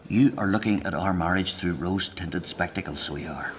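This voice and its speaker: A man doing a gruff jailed husband. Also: low voice, brisk, a little hiss or hum, close to an everyday voice. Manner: guarded, sardonic, sighing. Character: man in prison, gruff and defensive.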